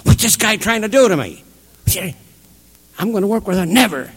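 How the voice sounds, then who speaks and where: A man voicing a gruff Southern working man, a former Klan leader, in blunt, rising exclamations. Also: high voice, big pitch swings, a little fast, voice pushed up. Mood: indignant.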